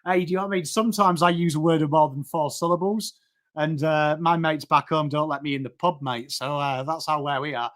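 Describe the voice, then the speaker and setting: A man's voice: a little high, steady tone, fairly quick, fairly bright tone. An English man with a Yorkshire accent hosting a live sports stream, chatty and matey, greeting viewers by name and swearing casually. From England. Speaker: host.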